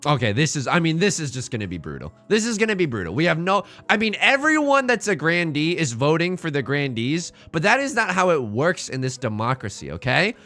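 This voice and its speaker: A young man streaming a game live, excitable and joking as he reads the game text aloud to his chat. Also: a little high, fairly quick, hardly any pauses, soft background music.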